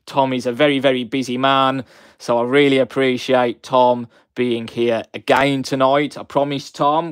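A young man from the West Midlands with a Black Country accent, hosting a live stream and chatting warmly with viewers, greeting them by name. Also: mid-range voice, no echo, studio quality. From West Midlands, England.

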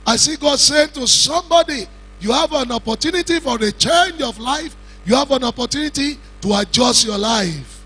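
A man with a Nigerian Yoruba-speaking accent preaching a funeral sermon in a cathedral, slow and emphatic, with shouted lines and questions he puts to the congregation. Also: very high-pitched, husky, low-quality recording. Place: large cathedral.

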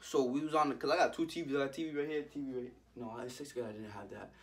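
A young man telling a storytime vlog in an animated, slangy way, jumping into loud voices for the people in it. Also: mid-range voice, quick pace, recorded from a distance. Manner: jumps into loud character voices. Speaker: vlogger.

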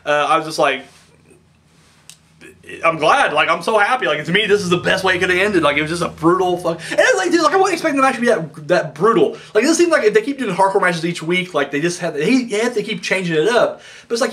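A young man giving a rambling, excitable review of a wrestling show, swearing freely and correcting himself as he goes. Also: sits high, fast talker. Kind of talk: casual spoken review.

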